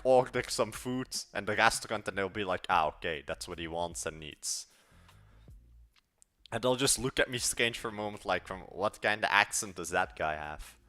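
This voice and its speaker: Belgian 18yo guy w dutch accent streaming, rambly and slangy, low-ish bright voice, music under it. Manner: rambling, slangy, talks to chat and mutters while working. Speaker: live-streaming app developer. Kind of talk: casual live stream chat.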